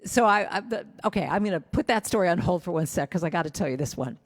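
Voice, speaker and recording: A woman's voice: on the low side, expressive, quick pace, big-room sound. An American woman, a guest speaker and musician, telling a casual, self-deprecating sermon story with many restarts, from home. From United States. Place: at home with a cat, speaking to a church online.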